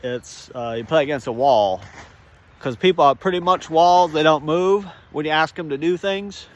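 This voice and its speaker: A man with a fairly high voice talks as he walks a snowy outdoor trail, recorded on a handheld phone. He rambles from one joke to the next in a loose walk-and-talk monologue and chuckles to himself. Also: normal speed, a little hiss or hum. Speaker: vlogger.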